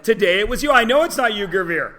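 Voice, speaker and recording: A man teaching a math class in a classroom, chatty and teasing, often checking in with quick questions. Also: high-pitched, animated, pushed and bright. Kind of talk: classroom lesson.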